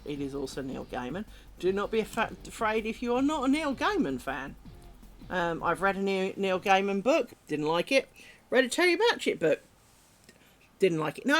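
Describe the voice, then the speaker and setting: A woman with a lowish voice talks casually on a craft stream, rambling from thought to thought and swearing now and then. Her pitch swoops up and down with lively expression. Faint music plays behind her. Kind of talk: casual chat while making lace.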